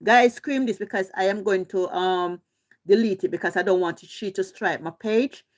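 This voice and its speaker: A woman's voice: medium pitch, moderate pace. A Jamaican woman hosting a livestream, ranting heatedly and swearing in repetitive bursts. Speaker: livestream host. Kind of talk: ranting live commentary.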